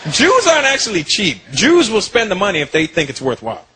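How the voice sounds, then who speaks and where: A man performing a stand-up comedy routine on stage, telling stories with lively delivery and acting out characters. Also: high voice, fairly quick. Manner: animated storytelling, acting out characters with put-on voices. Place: comedy stage before a large audience. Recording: live stage recording with loud crowd laughter.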